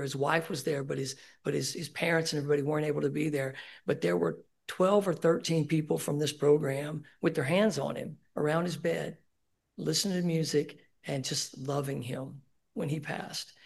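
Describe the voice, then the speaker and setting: A man speaking candidly at a recovery meeting, sharing his personal story with many halting fillers. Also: fairly high pitch, creaky. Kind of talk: personal testimony.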